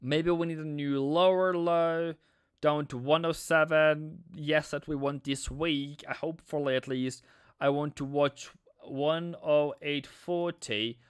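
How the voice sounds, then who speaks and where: Male streamer, chatty live trading talk, smooth clear voice, dry close sound. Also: a little high, fairly even intonation, measured pace, no echo. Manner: chatty, repeats himself, answers viewers. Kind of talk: live-stream market analysis.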